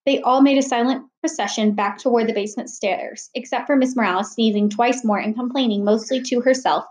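A woman's voice: on the high side, fairly quick. Woman reading a children's novel aloud. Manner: expressive storytelling. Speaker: reader leading a read-aloud. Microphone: video call. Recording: roomy echo.

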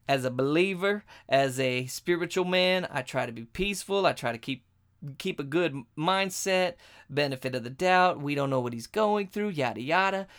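A man hosting a podcast, telling a story as a crude, animated rant. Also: on the high side, smooth. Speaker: podcast host.

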